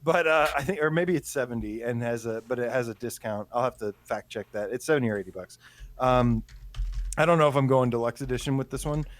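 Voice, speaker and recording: A man's voice: mid-range voice, fast talker. A man hosting a live gaming stream, chatting with enthusiasm and moving the show along. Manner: enthusiastic, steers the show back on track. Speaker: podcast host. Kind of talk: casual chat on a live stream.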